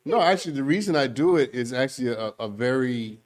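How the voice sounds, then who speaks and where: Dad co-host, mid voice, talks slow and earnest when making a point. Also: male voice, medium pitch, expressive. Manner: measured, earnest, slows to stress points. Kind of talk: casual chat.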